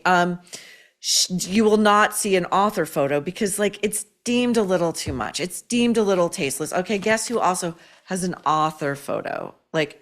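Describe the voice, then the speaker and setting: A woman's voice: lowish voice, a bit bright. A woman hosting a commentary show, scathing and sarcastic as she tears into her subject. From United States. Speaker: host. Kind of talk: opinionated commentary.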